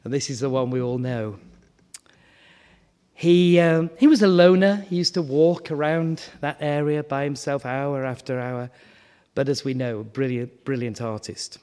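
Male preacher, conversational sermon, repeats words, climbs into animated questions; reverberant church hall. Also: medium pitch, moderate pace, clear, resonant tone. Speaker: guest preacher. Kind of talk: informal sermon.

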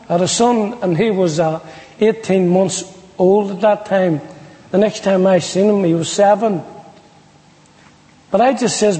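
A man's voice: high-pitched, moderate pace, mellow. A man with an Irish accent giving his testimony as a preacher, telling his story with humor and quoting people. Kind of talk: storytelling sermon. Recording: long hall reverb.

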